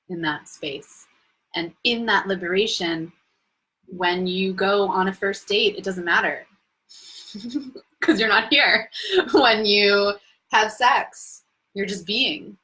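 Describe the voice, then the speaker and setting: A woman's voice: fairly low pitch, pushed and bright, husky, rough recording. A young adult woman hosting a live Q&A as a coach, talking in an effusive, spiritual way and laughing easily. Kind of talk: casual live-stream talk.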